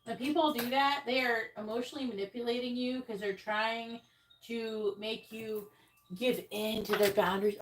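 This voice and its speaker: A woman's voice: on the high side, steady tone, moderate pace. Brief: a blunt, foul-mouthed woman reading tarot on a live stream into an earbud mic, with noisy audio. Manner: blunt, profane, exasperated ranting. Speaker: tarot reader hosting a livestream. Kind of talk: casual livestream talk.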